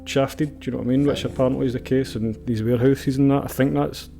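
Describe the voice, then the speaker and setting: A man's voice: medium pitch, fairly even intonation, quick pace, creaky, mellow. Earnest Scottish man, faint music behind. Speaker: podcast co-host. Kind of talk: casual chat.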